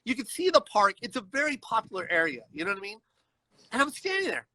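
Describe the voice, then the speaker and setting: A man telling a personal story as a guest on a livestreamed video call, animated and acting out the people in it, often checking in with "you know what I mean.". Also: sits high, quick pace, no echo, rough recording. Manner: animated, acts out voices in his story.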